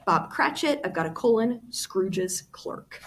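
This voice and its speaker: A woman's voice: mid-range voice, expressive, measured pace, a little hiss or hum. Woman teacher explaining a read-aloud. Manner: explains words, addresses students directly. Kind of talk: classroom read-aloud lesson.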